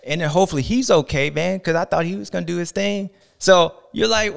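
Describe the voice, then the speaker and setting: A man hosting a casual sports podcast, talking in a playful, animated way and drawing out and shouting words for emphasis. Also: sits high, fairly quick, creaky. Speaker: podcast host.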